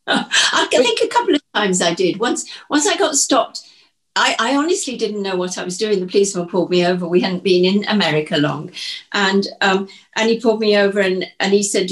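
A woman's voice: mid-range voice, fairly quick. An older woman with an English accent, chatting on a podcast as co-host, telling stories in a chatty, giggly way. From England. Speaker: co-host, host's mother. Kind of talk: casual podcast chat.

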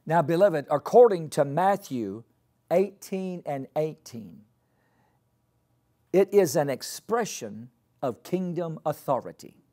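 A male pastor preaching a sermon, deliberately repeating key phrases for emphasis and leading the congregation to repeat after him. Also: a little high, expressive, mellow. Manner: leads the congregation in call-and-response.

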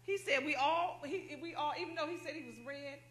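A woman giving an excited testimony at a church service, calling out to the congregation as she tells her story. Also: sits high, a little fast. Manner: excited, talks straight to the congregation with "y'all".

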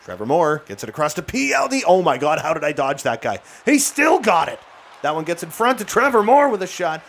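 A man doing excited, jokey play-by-play commentary while playing a hockey video game. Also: mid-range voice, slight background noise. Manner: excitable, jokey, bursts into shouts and laughs. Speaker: gaming YouTuber.

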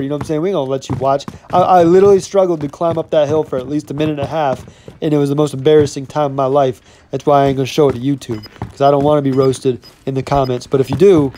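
Young male gaming creator, fairly high voice, upbeat hype commentary over gameplay, full of casual catchphrases. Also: darkish tone, slight background noise. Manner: upbeat hype talk, keeps saying "you know what I'm saying". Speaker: gaming YouTuber.

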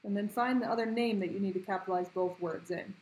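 A woman teacher talking pupils through a grammar worksheet in a clear, patient question-and-answer way. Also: mid-range voice, fairly even intonation, fast, darkish tone, poor audio. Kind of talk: recorded grammar lesson for pupils.

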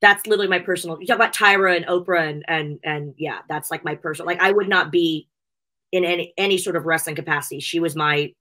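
A middle-aged woman who hosts a wrestling show appears as a guest in a casual interview, gushing, emotional, and laughing often. Her voice is on the low side, fast, bright, and forceful.

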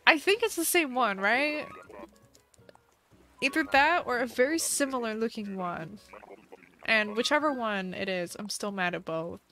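A woman's voice: a little high, measured pace, pauses often, bright, forceful tone, soft background music. A woman live-streaming a game, casually reading viewer questions aloud, playful and giggly with bursts of mock outrage.

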